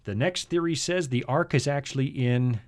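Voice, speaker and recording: A male talk show host at a mid-range pitch, chatting with his co-host in an easy, joking way. He shifts into a confident, firm lecture on scripture and history. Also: moderate pace. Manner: jokey, lively storyteller who lectures with conviction. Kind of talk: casual Bible talk show chat.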